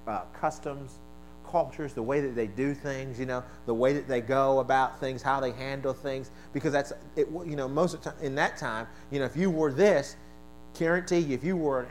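A male pastor preaching a sermon, leading call-and-response and swinging from quiet asides to shouted exclamations, originally from the American East Coast. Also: mid-range voice, a little hiss or hum, poor audio.

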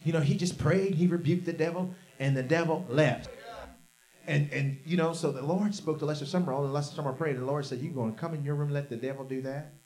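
A male preacher with a notably high voice delivers a storytelling sermon. He drops to low, quiet phrases and then bursts into loud, shouted lines. He leads the congregation to repeat his words back. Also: quick pace. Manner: call-and-response with the congregation.

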